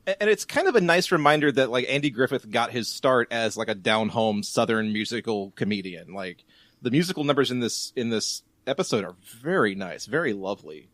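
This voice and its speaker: A man's voice: mid-range voice, lively intonation, fairly quick, fairly bright tone, no room sound. A man appearing as a podcast guest, chatting in an easygoing way and hedging often. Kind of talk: casual chat.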